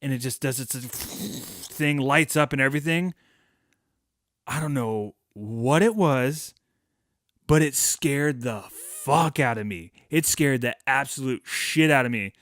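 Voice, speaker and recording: A man's voice: medium pitch, takes it slowly, a bit bright, no room sound, studio quality. Profane rambling male podcast host. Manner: profane, digressive, self-mocking jokes. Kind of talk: casual rambling storytelling.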